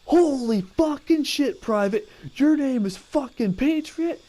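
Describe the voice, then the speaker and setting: A man voicing a profane male army drill sergeant who barks in loud, drawn-out, cursing yells. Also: extremely high pitch, animated, pitched above the performer's own voice, heavily acted. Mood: bellowing.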